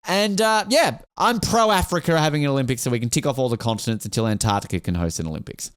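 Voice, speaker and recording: A man co-hosting a podcast in casual, animated chat, joking often. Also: mid-range voice, fast, smooth, dry recording, studio quality. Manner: animated, jokey, slips into silly quoted voices. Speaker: podcast co-host.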